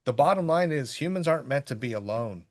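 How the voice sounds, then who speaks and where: Middle aged guy on a movie podcast, rambly and animated, average pitch voice. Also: fast. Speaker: podcast co-host. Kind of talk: casual movie review chat.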